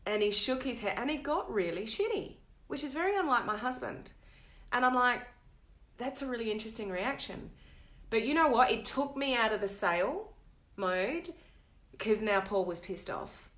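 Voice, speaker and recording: A woman's voice: fairly high pitch, expressive, moderate pace, fairly bright tone, roomy sound. A woman hosting a live stream, telling a story in a casual, chatty way and reading viewer comments aloud. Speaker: host of a live video stream.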